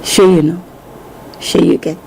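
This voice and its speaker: A Nigerian woman hosting a casual radio talk show, chatty and quick to laugh. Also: fairly low pitch, little pitch movement, vocal fry, a little mellow, a little hiss or hum, rough recording. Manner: chatty, laughs often, mixes in Yoruba phrases. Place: radio studio.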